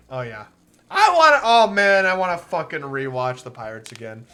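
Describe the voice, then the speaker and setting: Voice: medium pitch, sing-song, moderate pace, bright, forceful tone, faint music behind. A game streamer chatting casually over a live stream, sarcastic, rambling and full of swearing.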